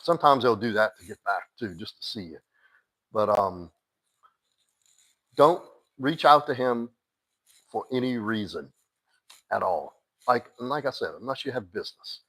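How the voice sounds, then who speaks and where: A man's voice: on the low side, lively intonation, normal speed, long pauses, fairly bright tone, poor audio. A man giving blunt dating advice on a live stream, talking straight to one listener and cursing casually. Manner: blunt, direct, curses casually; addresses a listener by name, firm and insistent. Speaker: dating coach.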